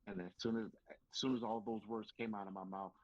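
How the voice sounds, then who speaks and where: A man with a deep, husky voice tells his wrestling stories as a podcast guest. He acts out every quote and swears casually along the way. The sound is dry and close, but slightly dull and lo-fi. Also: steady tone, fairly quick, darkish tone, no room sound. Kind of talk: casual storytelling interview.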